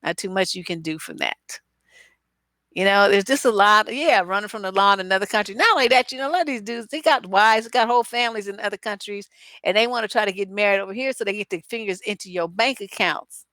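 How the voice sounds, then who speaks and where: A woman gives dating advice live with blunt, salty humor and lots of repeated asides. She sounds close to the mic in a dry room with no echo. Her pitch sits mid-range for a woman. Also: fast. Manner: blunt, profane, acerbic and animated, with asides and mock dialogue. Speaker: relationship coach. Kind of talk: live-stream advice chat.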